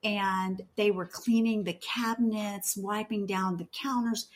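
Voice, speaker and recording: A woman guest on a faith talk show, telling a home story in a casual, animated way with laughter. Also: medium pitch, unhurried.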